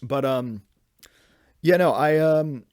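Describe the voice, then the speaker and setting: A man's voice: fairly high pitch, takes it slowly, clean tone, no room sound. Rambling young man, dry close mic. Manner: rambling, animated, self-interrupting, swears casually. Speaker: podcast host. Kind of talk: casual solo podcast chat. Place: home room at his desk.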